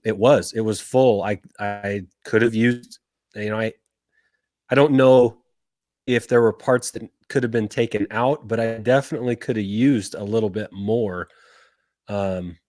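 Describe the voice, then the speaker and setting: A man's voice: on the low side, fairly even intonation, unhurried, a little mellow, no echo, clean studio sound. A man co-hosting a casual podcast over a remote call, speaking hesitantly with fillers. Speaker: podcast co-host.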